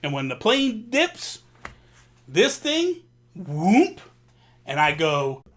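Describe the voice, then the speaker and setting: A man hosting a vlog, telling a personal story in an animated, casual way with slang. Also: sits high, drawn-out words. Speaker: vlog host. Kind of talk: storytelling to camera.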